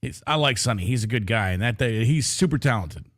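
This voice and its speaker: A man's voice: medium pitch, animated, brisk, no echo, clean studio sound. A man co-hosting a casual interview, chiming in with his own radio memories. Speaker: co-host.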